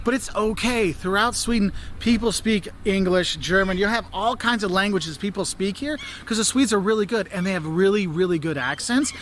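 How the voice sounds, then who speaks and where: A man's voice: sits high, moderate pace, hardly any pauses, a bit bright, slight background noise. A man hosting a travel advice video, talking enthusiastically, laughing often and putting on silly voices.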